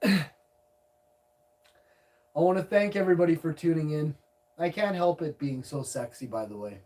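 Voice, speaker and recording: A man's voice: on the high side, normal speed, a little mellow, recorded from a distance, rough recording. A man streaming live, goofy and rambling, talking casually to viewers and lapsing into baby talk with his cat. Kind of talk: casual livestream chat.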